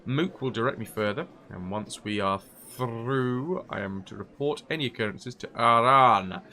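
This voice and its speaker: A man's voice: mid-range voice, normal speed, pushed and bright. A man streaming a role-playing game, reading quest text aloud and joking with his chat in a casual, laughing way. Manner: joking, chatty, laughs often.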